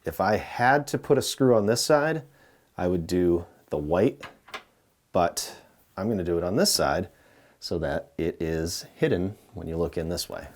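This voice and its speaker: A man hosting a casual how-to, talking relaxed while he works with tools and now and then dropping into mutters. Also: low voice, a little slow. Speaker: DIY home renovation host. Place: indoor pantry under renovation.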